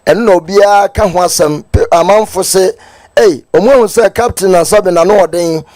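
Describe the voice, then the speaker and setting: A man with a Ghanaian accent hosts a morning talk show in a fairly high voice. His delivery is lilting and sing-song, and the sound is dry and close. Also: normal speed, darkish tone, no room sound. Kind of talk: casual talk show commentary.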